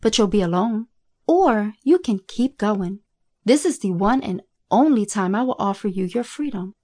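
A woman reading a horror story, voicing a cruel, scornful woman who taunts in a slow, mocking drawl. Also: medium pitch, animated, warm tone, natural voice.

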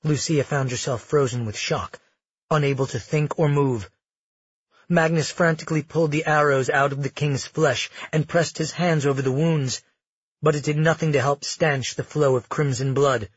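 A male audiobook narrator telling the story in a measured, dramatic way. His voice is husky and a little high. The recording is dry and dull, with a lo-fi sound. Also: fairly even intonation, dry recording.

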